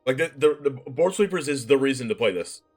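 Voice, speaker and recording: A man streaming casually as he builds a card-game deck, reading card text aloud and thinking out loud in a chatty way. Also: medium pitch, animated, a little fast, soft background music. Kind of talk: casual live-stream commentary.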